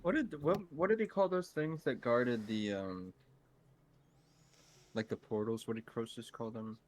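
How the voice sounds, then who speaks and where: A man's voice: mid-range voice, unhurried, a little hiss or hum. A man playing a tabletop game, chatting casually and thinking aloud with hesitant fillers. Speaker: player.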